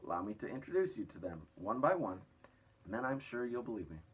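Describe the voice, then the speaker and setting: A man's voice: on the low side, very animated, a little fast, breathy edge, heavily acted. A man voicing a cheerful small boy in a storybook reading, eager and friendly. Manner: eager, calling out.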